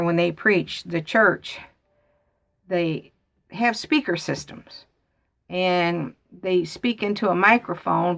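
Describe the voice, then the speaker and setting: Gravelly folksy storyteller woman. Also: lowish voice, a bit bright. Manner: rambling, folksy, repeats herself. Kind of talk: casual storytelling.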